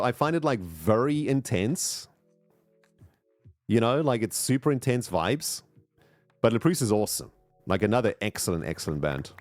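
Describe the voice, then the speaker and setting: Animated, excitable male game streamer. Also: mid-range voice. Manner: chatty, excitable, greets viewers. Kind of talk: casual live gameplay chat.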